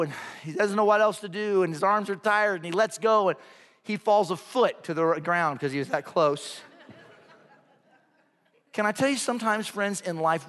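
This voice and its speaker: High-voiced pastor preaching in a hall. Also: male voice, moderate pace. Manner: storytelling, animated, acts out voices. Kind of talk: sermon. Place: church sanctuary. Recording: hall reverb.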